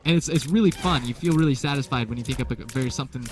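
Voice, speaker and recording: Rapid-fire and mid-range, this young man's voice carries rambling let's play commentary. He cracks jokes at his own expense while game music plays in the background.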